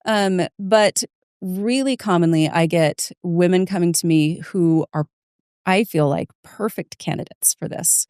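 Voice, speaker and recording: Brief: woman clinician, low voice, earnest, dry close mic. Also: unhurried, darkish tone, clean tone, no echo. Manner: earnest, frank clinical opinions. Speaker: nurse midwife, podcast co-host. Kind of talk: casual medical podcast chat.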